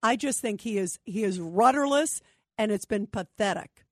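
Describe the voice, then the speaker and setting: A woman's voice: medium pitch, expressive, moderate pace, dry recording. Indignant woman radio host, dry studio sound. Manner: emphatic, indignant, reads phone number repeatedly. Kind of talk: talk radio monologue and call-in.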